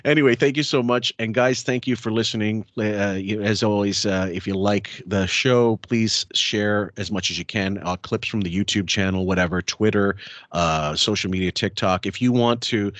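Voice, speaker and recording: A man's voice: on the low side, moderate pace, fairly bright tone, no echo. A man hosting a podcast in casual chat, rambling and swearing, with many fillers and restarts. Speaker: podcast host.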